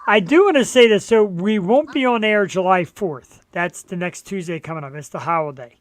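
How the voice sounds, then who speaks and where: A man hosting a live online show, chatting casually in an excitable, rambling, joking way. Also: high voice, moderate pace, slight background noise. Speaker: host.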